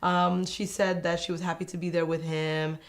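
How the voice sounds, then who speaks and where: A young woman doing a casual, opinionated recap of a reality show, chatty and sarcastic, sometimes mimicking people in a high mocking voice. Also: flat delivery, normal speed.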